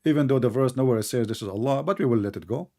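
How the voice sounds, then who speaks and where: A man hosting a live online debate, combative and mocking, who reads out scripture slowly and deliberately. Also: mid-range voice, warm tone. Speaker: debate host.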